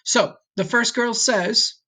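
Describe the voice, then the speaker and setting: A man teaching a recorded language lesson, patient and slow, often checking in with "okay?". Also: very high-pitched, pushed and bright. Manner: speaks slowly for learners to repeat. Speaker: Spanish teacher.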